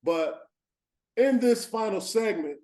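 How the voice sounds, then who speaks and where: Male podcast host, high voice, relaxed and encouraging, casual chat. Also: takes it slowly. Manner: relaxed, encouraging, echoes the guest's words.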